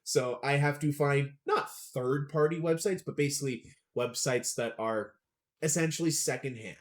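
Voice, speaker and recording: A man's voice: fairly high pitch, moderate pace. Chatty young man rambling through sports lists. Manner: chatty, rambling, self-deprecating about pronunciation. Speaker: podcast co-host. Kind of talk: casual sports podcast chat.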